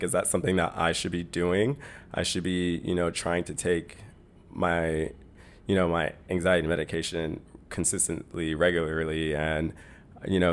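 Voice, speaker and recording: A young man from Canada with a Canadian accent hosts his own podcast alone. His voice sits very low. He talks casually and rambles, piling up fillers and repeating words as he goes. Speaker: podcast host. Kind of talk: casual solo podcast monologue.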